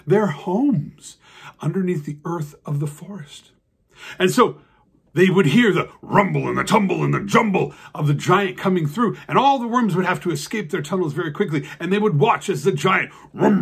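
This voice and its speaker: Animated, husky male storyteller. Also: fairly high pitch, a little slow. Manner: animated, with spoken sound effects. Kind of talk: children's storytelling.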